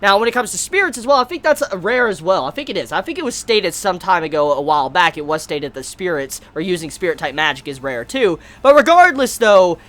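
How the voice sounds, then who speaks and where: A woman in her twenties talking through an anime episode in a casual, animated way, swearing freely and repeating herself as she gets worked up. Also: fairly low pitch, a little fast, hardly any pauses. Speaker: anime reviewer. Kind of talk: casual video commentary.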